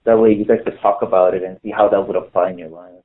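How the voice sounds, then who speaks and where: A man's voice: low-pitched, fairly even intonation, quick pace. A man preaching a casual sermon to a small group, talking conversationally with many fillers and restarts. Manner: conversational, full of "you know" fillers and restarts. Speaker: pastor. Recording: tinny phone-like lo-fi recording.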